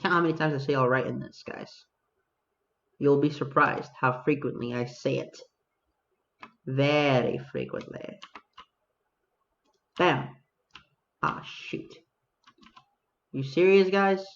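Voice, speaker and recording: A man's voice: medium pitch, steady tone, slow pace, vocal fry, long pauses, a bit bright, dull audio. Self-mocking man narrating his gameplay. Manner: self-mocking, talks to himself and viewers. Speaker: gaming video host. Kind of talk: casual gameplay commentary.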